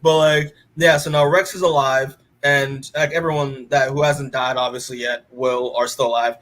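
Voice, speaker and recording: A man's voice: medium pitch, level tone, normal speed, fairly bright tone. A man co-hosting a podcast, recapping a comic issue in a rambling, casual way and acting out the characters' lines, with many fillers. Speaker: podcast co-host.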